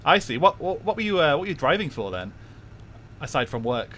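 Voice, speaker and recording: A man streaming a racing game, chatting in a soft, laid-back way and chuckling often. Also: a little high, very animated, fairly quick, a little hiss or hum. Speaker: VTuber streamer. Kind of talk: casual stream chat.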